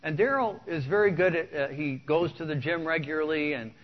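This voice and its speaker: A man's voice: a little high, brisk. A man preaching a sermon to a congregation in a church, earnest and conversational, often restarting his words. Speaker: pastor. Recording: dull lo-fi recording.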